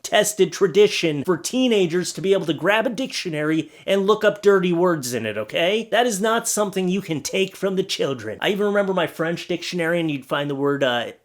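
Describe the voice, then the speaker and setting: A young man from Canada hosting a casual reaction show, talking sarcastically and swinging between loud outbursts and mutters. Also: high-pitched, animated, fairly quick, few pauses. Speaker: host reacting to posts.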